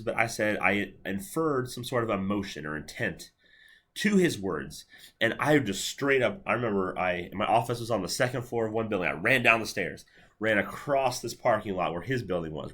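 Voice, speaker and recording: A man's voice: on the low side, a bit bright. Casual, rambling male lecturer. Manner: casual, rambling, with many fillers and restarts. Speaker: university lecturer. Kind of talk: classroom lecture. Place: lecture hall.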